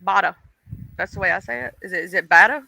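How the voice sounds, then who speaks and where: A woman's voice: mid-range voice, very fast, vocal fry, pushed and bright. A woman with a Southern country accent, chatting playfully on a live stream and laughing at herself. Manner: laughing, self-deprecating, playful. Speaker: stream guest. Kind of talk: casual chat.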